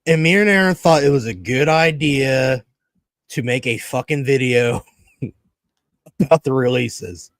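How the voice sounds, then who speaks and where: A man's voice: mid-range voice, measured pace, long pauses, dry recording. A man co-hosting a podcast in casual chat, rambling, swearing often and acting out what others said. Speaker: podcast co-host.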